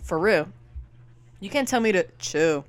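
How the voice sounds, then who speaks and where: A young woman co-hosts a casual chat podcast, her voice sitting somewhat low. She talks in an opinionated, rambling way, full of fillers. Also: lively intonation, measured pace, dry recording. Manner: chatty, opinionated, filler-heavy. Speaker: podcast co-host.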